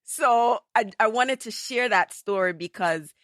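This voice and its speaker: A woman's voice: fairly high pitch, unhurried, dry recording, clean studio sound. A woman with a Jamaican accent hosting a casual interview podcast, telling stories and slipping into patois. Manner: lively storyteller slipping into patois. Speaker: podcast host.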